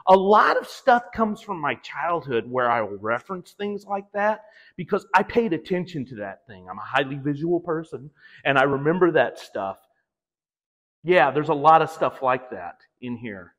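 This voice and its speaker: A man's voice: a little high, moderate pace. A man giving a casual gallery talk about his artwork, rambling and restarting his sentences as he tells stories. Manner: rambling, self-interrupting, animated storytelling. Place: art gallery. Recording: long reverb of a gallery hall.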